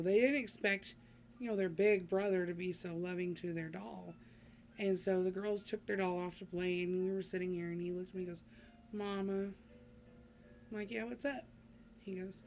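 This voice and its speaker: A woman's voice: mid-range voice, a little hiss or hum. A middle-aged woman chatting casually to her vlog audience, rambling with many ums and restarts. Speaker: vlogger. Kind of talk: casual chat to camera.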